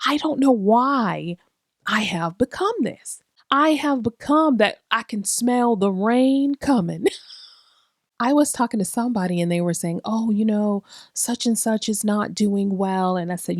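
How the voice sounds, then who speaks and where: A woman's voice: fairly high pitch, expressive, normal speed, dry recording, clean studio sound. A woman in her forties hosts a podcast in a casual, comedic monologue. She talks loosely and profanely, asks rhetorical questions and laughs often at herself. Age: 40s. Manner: chatty and self-mocking, laughing often. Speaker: podcast host.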